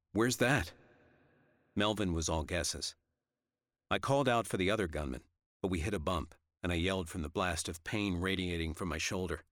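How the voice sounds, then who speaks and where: A man narrating a first-person story in a steady, even way. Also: low-pitched, no room sound, clean studio sound. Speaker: audiobook narrator.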